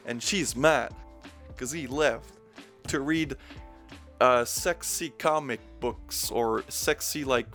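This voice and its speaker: Brief: tipsy man reviewing a film, sarcastic and profane, slightly higher voice, faint music under. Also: fairly bright tone. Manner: crude, sarcastic, swears often. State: mildly intoxicated. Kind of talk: casual film review monologue.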